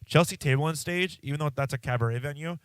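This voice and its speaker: Man, podcast host, congested, rambling casual chat, smooth voice, dry close sound. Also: on the high side, fast, fairly bright tone, no room sound. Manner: rambling, self-interrupting, swears casually.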